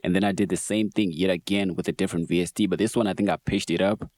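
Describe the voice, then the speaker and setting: Deep, mellow-voiced man explaining a beat. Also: quick pace. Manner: laid-back, relaxed explaining. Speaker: beat producer tutorial host. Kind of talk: casual tutorial narration. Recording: faint music behind voice. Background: beat playback.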